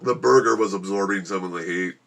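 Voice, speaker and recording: Guy at home moaning thru a super spicy burger, lowish voice, groans a lot. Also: brisk, creaky, a bit bright. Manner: groaning and complaining while eating spicy food. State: suffering from spicy food. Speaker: vlogger. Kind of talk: casual vlog to camera. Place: home room with a gecko habitat.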